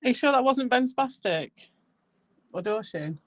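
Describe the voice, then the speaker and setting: A woman's voice: a little high, expressive, normal speed, no room sound. A woman hosting a casual chat, candid and self-deprecating, who laughs often.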